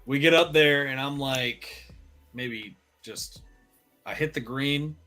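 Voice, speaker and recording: A man in casual chat, telling animated, profane stories with laughter. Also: medium pitch, takes it slowly, faint music behind. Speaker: show regular.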